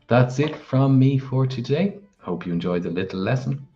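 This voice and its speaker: Deep voiced guy teaching vocab real slow, says every word twice, kinda dull sound, soft music under it. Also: very animated. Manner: slow, deliberate, repeats each word. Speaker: language teacher. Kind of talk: language lesson with repeated pronunciations.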